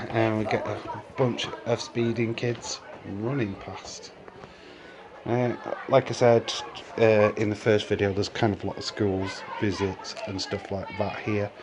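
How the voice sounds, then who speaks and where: A man's voice: lowish voice, fairly even intonation, a little slow, a crowd in the background, background noise. A man casually narrating a walking tour, rambling with fillers and restarts, chuckling often, recorded on a handheld camera mic. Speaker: vlogger touring a film studio. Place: outdoor and indoor studio tour sets.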